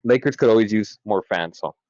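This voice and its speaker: A young man co-hosting a podcast in casual chat, excitable and quick to swear and laugh. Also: fairly low pitch, no room sound. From California. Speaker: podcast co-host. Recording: dry, dull lo-fi sound.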